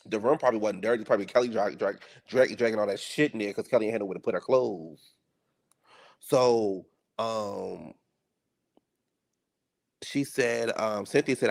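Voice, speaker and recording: Low-voiced man with vocal fry, casual sassy reaction commentary. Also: normal speed, pauses often. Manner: sassy, teasing.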